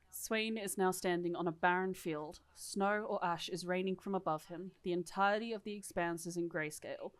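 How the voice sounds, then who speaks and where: A woman's voice: lowish voice, fairly even intonation, moderate pace. A woman co-hosting a podcast, reading lore aloud in a casual, irreverent way and swearing freely. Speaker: podcast co-host.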